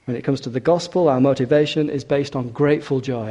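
A man's voice: medium pitch, a little fast, few pauses, mellow. Man preaching in a long reverberant hall. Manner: earnest, with rhetorical questions and hesitant restarts. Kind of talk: sermon.

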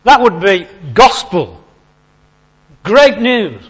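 A man's voice: high voice, lively intonation, very slow, slightly rough. A man giving an informal, chatty sermon, repeating key phrases for emphasis. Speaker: preacher. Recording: lo-fi recording.

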